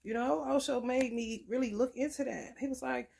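A woman's voice: high-pitched, steady tone, moderate pace, vocal fry, a little mellow, slightly rough. A woman giving a blunt, profane, preachy casual tarot reading. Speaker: tarot reader.

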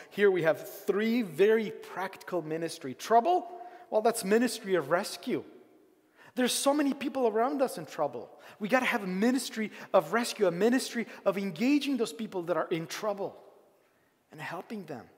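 Guy pastor giving a chatty lively sermon, bit high voice, big church echo. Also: moderate pace. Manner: conversational, animated, quotes people in playful voices. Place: church sanctuary. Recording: long hall reverb.

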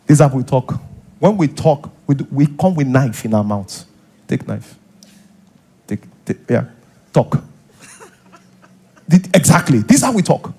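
A man's voice: mid-range voice, sing-song, measured pace, long pauses, mellow, breathy edge. A man with a Nigerian accent, a pastor preaching a sermon in a church, acting out little scenes and repeating points for emphasis. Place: church hall.

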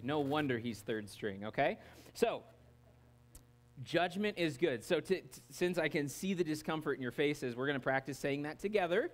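Chatty American man preaching, higher voice. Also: fairly bright tone. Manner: joking, chatty, many fillers. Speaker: guest preaching pastor. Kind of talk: casual sermon.

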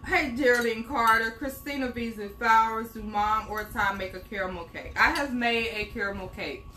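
A middle-aged woman chats through a casual live stream from her home kitchen, teasing her partner and calling out viewer names. Her voice is bright and ringing, and the room adds a noticeable echo. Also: fairly high pitch, normal speed. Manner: chatty, teasing, reads out viewer comments with laughs. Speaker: co-host of a live cooking show. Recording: echoey room with background noise.

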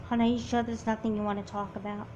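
A woman voicing a gentle, caring mother who coaxes her upset daughter in an amateur doll movie. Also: medium pitch, level tone, fast, highs cut off, background noise, close to an everyday voice. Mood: comforting. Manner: soothing, coaxing.

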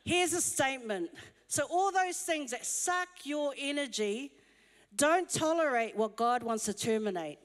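Female pastor, high-pitched, humorous conversational sermon, long church reverb. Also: lively intonation, measured pace. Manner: humorous, chatty storytelling. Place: church auditorium.

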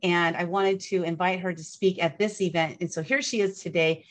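A woman's voice: fairly low pitch, steady tone, moderate pace. A woman hosting an online event, chatty and upbeat, rambling with fillers. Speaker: event host.

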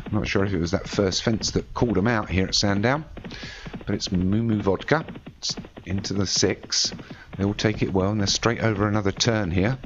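A man's voice: lowish voice, moderate pace. A man commentating a horse race in a racing game, calling the runners and positions. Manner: rises sharply to excited shouting at the finish. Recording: slightly dull lo-fi audio with faint noise.

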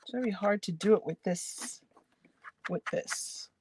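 A woman's voice: medium pitch, a little slow, noisy background. Bubbly woman chatting to her viewers. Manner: bubbly, laughs often, talks to viewers. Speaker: crafting channel host. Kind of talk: casual live-stream chat.

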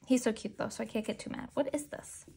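A woman's voice: on the high side, quick pace, vocal fry, warm tone, husky. A woman chatting casually as she unboxes merchandise, chatty and self-deprecating with giggly asides. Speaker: unboxing vlogger.

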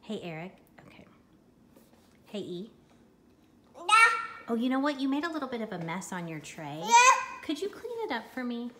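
A woman's voice: on the high side, very animated, normal speed, pauses often, a little mellow, roomy sound, slight background noise. A mother in her home kitchen filming her toddler, talking to him in a playful, coaxing sing-song. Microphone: handheld camera taping.

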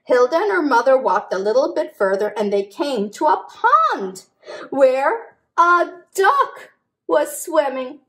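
Woman, children's librarian, storytime reading, sing-song, high voice, slow pace. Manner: animated and sing-song, with sound effects and questions to children.

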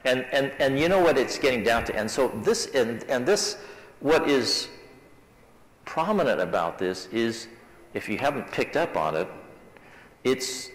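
Speaking at an unhurried pace, this man's medium-pitched voice swings widely in pitch as he chats with his Sabbath School Bible class. He talks things over with the group casually in a church classroom, and the recording echoes like a church hall.

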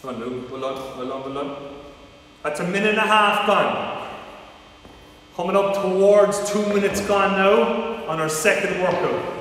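A man coaching a live workout, with energetic, repeated encouragement and countdowns. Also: high-pitched, a little slow, long pauses. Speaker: fitness coach. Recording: echoey hall from far off, faint noise.

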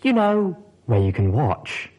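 A man reading the part of an adult female pony radio host, gentle and playfully teasing, with a lively, husky tone. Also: mid-range voice, takes it slowly, voice pushed up, heavily acted, rough recording.

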